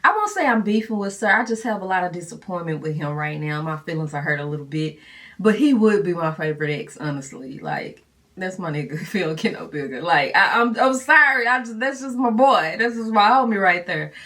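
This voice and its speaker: A woman's voice: fairly low pitch, expressive, a little fast, a bit bright, distant mic. A woman, telling candid stories and laughing often in a long-winded Q&A chat. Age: 40s. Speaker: vlogger. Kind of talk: casual Q&A chat.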